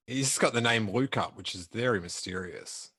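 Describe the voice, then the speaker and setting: A man's voice: medium pitch, bright, forceful tone, breathy edge, no echo. A man hosting a casual video call chat, laid-back with dry teasing. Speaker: podcast host.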